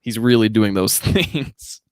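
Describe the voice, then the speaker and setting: A man's voice: lowish voice, expressive, slow pace, dry recording, studio quality. A man joining a casual livestream chat as a guest, eagerly explaining things. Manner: enthusiastic, explanatory.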